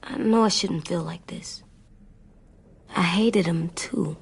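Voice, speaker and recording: A woman's voice: on the low side, slow pace, vocal fry, breathy edge, heavily acted. A woman voicing an earnest, worried young boy survivor in a video game, asking blunt questions, over game music. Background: game score music.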